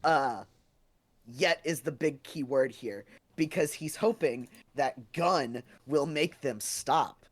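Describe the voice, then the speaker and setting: A player in a tabletop game, reacting with animated comments and laughter. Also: mid-range voice, slow pace. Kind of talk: casual tabletop game play.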